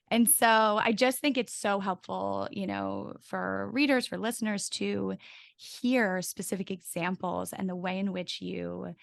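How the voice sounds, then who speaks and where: Gravelly, enthusiastic woman podcast co-host. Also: medium pitch, dry recording. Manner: enthusiastic, effusive praise with fillers. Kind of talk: casual podcast interview.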